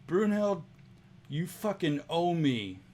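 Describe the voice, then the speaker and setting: A man's voice: mid-range voice, unhurried, bright, forceful tone, a little hiss or hum. A man voicing a curt, disdainful woman cleric who swears and demands payment.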